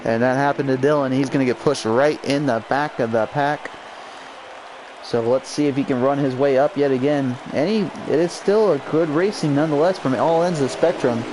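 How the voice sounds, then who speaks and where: A young man calling a sim racing league race, energetic, his voice jumping up when cars spin out. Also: a little fast. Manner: energetic, jumps high on crashes. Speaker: race commentator. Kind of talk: excitable sim racing play-by-play. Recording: noisy amateur stream audio.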